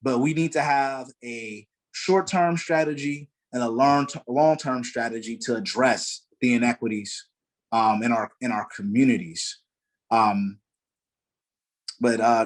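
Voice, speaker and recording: A man's voice: mid-range voice, unhurried. A man speaking earnestly and with passion as a panelist in an online discussion, with frequent fillers and short laughs, heard over a video call.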